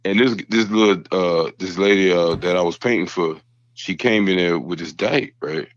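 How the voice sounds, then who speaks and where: A man's voice: sits low, moderate pace. A laid-back man in casual podcast chat, telling anecdotes and agreeing often. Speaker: podcast co-host. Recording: dry, dull lo-fi sound.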